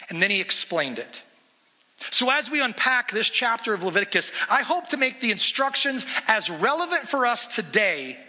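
A man's voice: high-pitched, bright, forceful tone, long reverb tail. A middle-aged man preaching a sermon as pastor, teaching emphatically and asking rhetorical questions.

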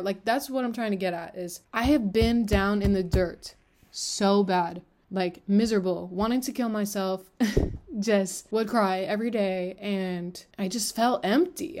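A woman's voice: mid-range voice, a little mellow. A young woman in her twenties speaks alone into her podcast mic, open and unguarded about her feelings. Her talk rambles, full of casual fillers and self-interruptions. At times she grows tearful. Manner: candid, emotional, rambling with fillers like "like" and "you know". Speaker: podcast host. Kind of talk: personal confessional monologue.

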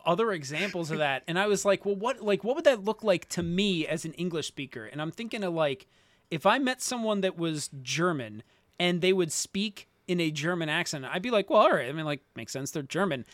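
A young man with a high voice talking in a relaxed podcast chat, recorded dry and close. He rambles through his points, stopping to correct himself and filling gaps with "like.". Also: a little fast, no echo. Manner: rambling, self-correcting explanations with frequent likes. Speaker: podcast co-host. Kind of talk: casual chat.

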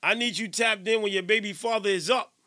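A man hosting a live radio show in casual chat, playful and teasing, giving hyped shout-outs. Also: high voice, a little fast.

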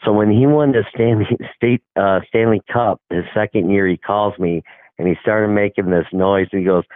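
A middle-aged hockey coach tells a rambling story in casual talk, acting out the quoted dialogue. His voice is lowish with fairly even intonation at a normal speed. The recording is dry and tinny, like a phone line.

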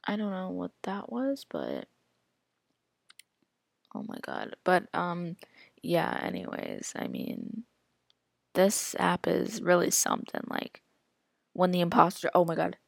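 Woman, podcast host: rambling casual chatter, lowish gravelly voice with a lot of lift. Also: wildly swooping pitch, slow, pauses often, dry recording, clean studio sound. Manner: rambling, chatty, heavy use of filler "like"; reacts aloud while scrolling an app. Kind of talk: casual solo podcast chat.

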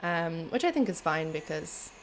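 A woman's voice: sits low, sing-song, normal speed, slight background noise. A young Irish woman in her twenties, a guest chatting casually, laughing often and using plenty of fillers. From Ireland. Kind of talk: casual chat. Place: room by a window with trains passing. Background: passing train.

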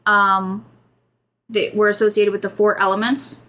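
A woman co-hosting a chatty folklore podcast, reading out legends and reacting with loud exclamations. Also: mid-range voice, a little slow. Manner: animated and exclamatory, reads folklore aloud. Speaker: podcast co-host. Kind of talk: casual chat.

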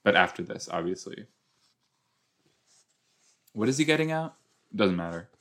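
Low-voiced man in unhurried chat. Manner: chatty, excitable, talks back to the screen. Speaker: podcast host reacting to a TV episode. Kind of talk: casual watch-along commentary.

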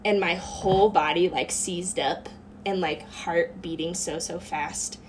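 A woman's voice: lowish voice, steady tone, a little slow, slight background noise. A woman guest on a podcast, earnestly telling a personal story in a casual chat, with many fillers.

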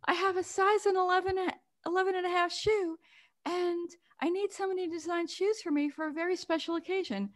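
A woman voicing a poised 1960s first lady making a polite phone request, pitched well above her own voice. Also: fairly even intonation, brisk. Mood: gracious.

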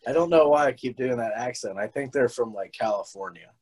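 A man hosting a casual podcast chat, talking at an everyday mid pitch. He rambles, swears freely and keeps restarting his sentences. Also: expressive, brisk, background noise. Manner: rambling, profane, restarts a lot. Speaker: podcast host.

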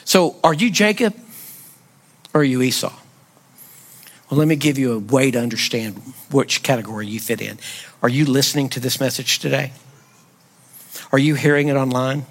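A man preaching a sermon as pastor in a church, firing rhetorical questions and building to near-shouts. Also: medium pitch, expressive, normal speed, pauses often. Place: church sanctuary.

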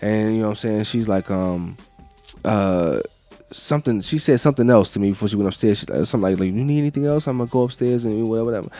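A man's voice: fairly low pitch, fast talker, warm tone, soft background music. Rambling, profane middle-aged man storyteller. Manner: loose, rambling storyteller with frequent profanity and fillers. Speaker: podcast co-host. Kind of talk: casual storytelling chat.

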